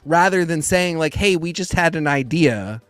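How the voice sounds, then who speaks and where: A man co-hosting a casual podcast, talking in a rambling, animated way with quick asides. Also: on the high side, smooth, no echo. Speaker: podcast co-host. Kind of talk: casual comics discussion.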